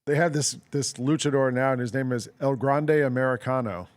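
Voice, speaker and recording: A man's voice: medium pitch, fairly even intonation, brisk. A man co-hosting a casual sports talk show, telling stories in a rambling way with lots of "like" and "um" fillers. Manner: amused storyteller. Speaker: sports radio co-host.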